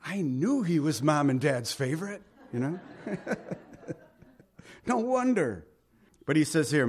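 A middle-aged man preaching a sermon in a conversational way, asking the congregation questions and swinging between emphatic and quiet lines. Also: fairly high pitch. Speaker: pastor.

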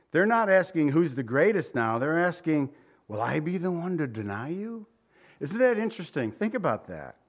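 A male pastor preaching an expository sermon in a conversational, animated way, often asking his listeners questions. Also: fairly high pitch.

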